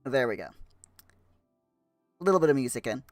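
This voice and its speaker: A man hosting a game livestream in chatty, halting speech full of fillers, putting on a rough Scottish accent. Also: medium pitch, animated, no room sound, soft background music. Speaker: livestream host. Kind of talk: casual livestream chat.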